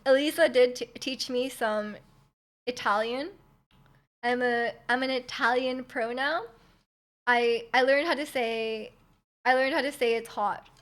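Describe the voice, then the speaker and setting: A young Canadian woman with a high, light voice chats casually on her stream. She rambles through stories with plenty of fillers and giggles, and she talks close to a desk mic. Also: a bit bright. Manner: rambling, many likes and ums, giggly. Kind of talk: casual chat.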